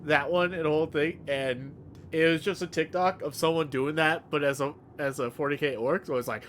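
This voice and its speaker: A man's voice: fairly high pitch, fairly even intonation, a little fast, a bit bright, a little hiss or hum. A man streaming a video game, chatting casually and jokingly with his viewers in a rambling way. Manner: rambling, joking, reacting to chat.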